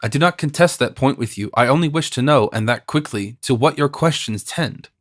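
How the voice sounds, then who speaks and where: A man reading the part of a proud young gentleman who speaks coldly and curtly, slightly lower and softer than his narration. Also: a little fast, no room sound, studio quality, close to an everyday voice. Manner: cold, clipped, impatient. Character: haughty young foreign gentleman, curt and proud.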